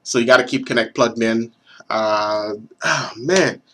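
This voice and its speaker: A man's voice: medium pitch, unhurried, slight background noise. Young guy vlogging about consoles, all worked up, cussing, keeps restarting sentences. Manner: animated, swearing, stumbling restarts. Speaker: gaming vlogger. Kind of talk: excited rant to camera.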